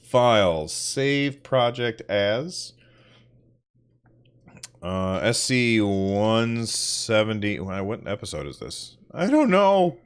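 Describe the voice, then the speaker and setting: Guy doing a solo podcast stream, kinda low voice, rambly self-deprecating stories. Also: very animated, slow pace, smooth. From northern United States. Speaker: podcast host. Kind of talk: casual solo livestream chat.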